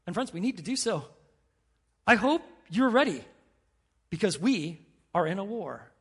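A middle-aged man preaching a sermon as pastor, telling stories with animated quoted voices. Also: high-pitched, a little slow, husky.

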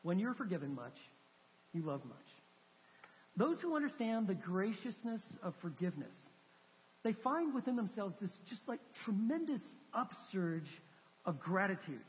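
Pastor preaching in a reverberant hall. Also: male voice, high-pitched, big pitch swings, normal speed. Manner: preaching, swings from emphatic rises to soft, hushed storytelling. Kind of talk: sermon.

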